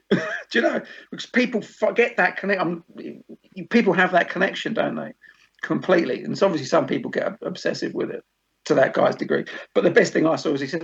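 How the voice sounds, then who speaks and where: A man hosting a podcast in casual chat, an animated storyteller who acts out quoted lines. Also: on the high side, fast talker, creaky. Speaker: podcast host. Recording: dull lo-fi podcast audio.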